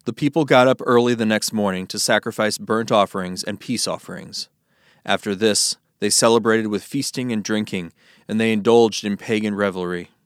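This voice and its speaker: A man reading scripture aloud in a measured, solemn narration. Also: lowish voice, clear, resonant tone, no echo, studio quality. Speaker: scripture reader.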